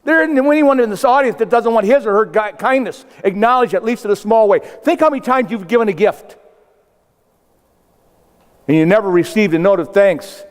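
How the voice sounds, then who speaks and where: Older guy from south dakota giving a funny keynote speech, storytelling with little punchlines, high-ish voice, big echoey hall. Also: moderate pace. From South Dakota, United States. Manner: storytelling with acted-out quotes and punchy asides. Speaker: motivational speaker. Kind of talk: humorous keynote speech to a live audience. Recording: long hall reverb.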